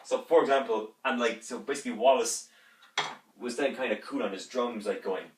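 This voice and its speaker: A man's voice: medium pitch, fairly even intonation, fairly quick, background noise. A man giving a rambling, enthusiastic music review during an unboxing, humming instrument parts along the way. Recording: roomy echo, distant from the mic.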